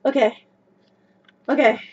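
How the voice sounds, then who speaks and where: A woman gushing and squealing as she unboxes a skirt in a home video vlog, breathless with excitement. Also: takes it slowly, lo-fi sound.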